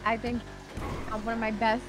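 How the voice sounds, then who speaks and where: A woman's voice: a little high, little pitch movement, moderate pace, over music. A woman playing along in character during a game roleplay, playful and giggly with mock-tough lines. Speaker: roleplay streamer.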